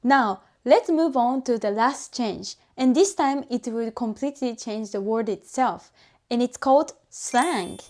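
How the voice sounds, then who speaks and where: A woman's voice: on the high side, unhurried, darkish tone. A woman language teacher explaining patiently and methodically, breaking down spoken examples step by step.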